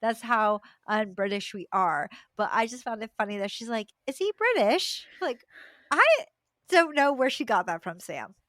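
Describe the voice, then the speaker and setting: A woman's voice: medium pitch, expressive, normal speed, pushed and bright, no echo, clean studio sound. A young adult woman co-hosting a podcast, chatting casually and animatedly, laughing and acting out quoted voices. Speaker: podcast co-host. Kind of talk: casual chat.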